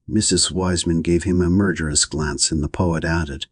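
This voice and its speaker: A man narrating an audiobook of a novel in a steady, even reading. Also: low voice, moderate pace, few pauses, husky, no room sound, clean studio sound. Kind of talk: scripted narration.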